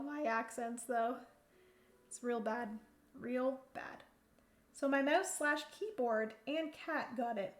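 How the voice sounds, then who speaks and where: On a live stream, a high-voiced woman plays a solo board game, counting pieces and reading rules out loud as she thinks. She chats and greets viewers playfully at an unhurried pace. The room is echoey.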